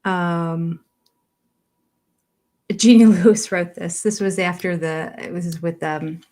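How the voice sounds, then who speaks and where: A woman's voice: steady tone, takes it slowly, darkish tone. An older woman hosting a livestream, chatting casually about a reality show and reading out viewer comments with frequent laughs. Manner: chatty, rambling, laughs often; coos in a high voice to her cats.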